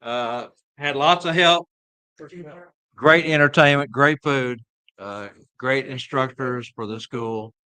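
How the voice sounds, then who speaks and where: A man hosts a live show in a folksy, easygoing drawl. His voice is bright and clear, slightly high for a man, with a dry, close sound. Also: takes it slowly, no room sound. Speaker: host. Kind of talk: casual live show chat.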